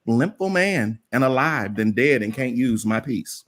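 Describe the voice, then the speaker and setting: A man's voice: mid-range voice, animated, unhurried. A man, chatting casually and telling a story in an earnest, plain-spoken way. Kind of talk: casual chat.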